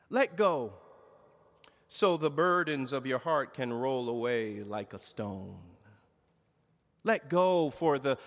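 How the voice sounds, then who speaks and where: A male pastor giving a sermon, slow and emphatic, with dramatic pauses and storytelling. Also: mid-range voice. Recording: long reverb of a large hall.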